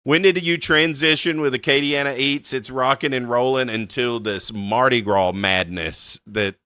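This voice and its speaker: Bright-voiced chatty man. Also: medium pitch, normal speed, clear, resonant tone, no echo, clean studio sound. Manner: enthusiastic, chatty, laughs often. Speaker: podcast host. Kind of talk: casual interview.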